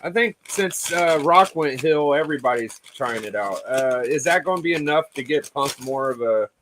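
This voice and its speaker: A man's voice: mid-range voice, lively intonation, normal speed, fairly bright tone, a little hiss or hum. A man hosting a live stream, chatting casually and swearing a bit. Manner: laid-back, swears casually. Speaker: streamer host.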